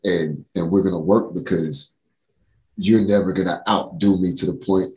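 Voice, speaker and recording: A man's voice: sits low, fairly even intonation, moderate pace, darkish tone. A man chatting casually, explaining his views thoughtfully with down-to-earth examples. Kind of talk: casual chat. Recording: roomy echo.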